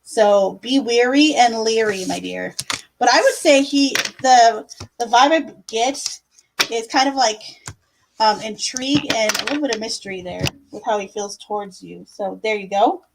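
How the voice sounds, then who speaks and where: Young woman doing tarot on a livestream, kinda high voice, lots of um and like, sweet with the chat. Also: normal speed, creaky, background noise. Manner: chatty, filler-heavy, affectionate with viewers. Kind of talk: casual live-stream tarot reading.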